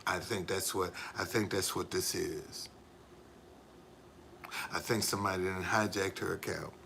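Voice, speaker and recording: A man's voice: low-pitched, steady tone, unhurried, vocal fry, background noise. A man live streaming in a casual, rambling way, repeating himself and talking straight to his viewers. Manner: repetitive, emphatic, addresses viewers directly.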